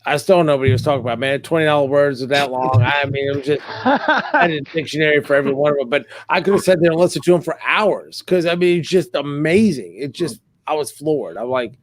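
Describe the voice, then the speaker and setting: A middle-aged man telling a funny story on a podcast, animated and joking. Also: a little high, quick pace. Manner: animated, joking, acts out quotes. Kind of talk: casual storytelling.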